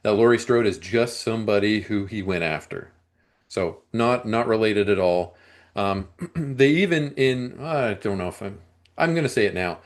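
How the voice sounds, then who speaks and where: A man co-hosting a movie review podcast, talking casually and at length, often clearing his throat and restarting his sentences. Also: on the low side, lively intonation, normal speed.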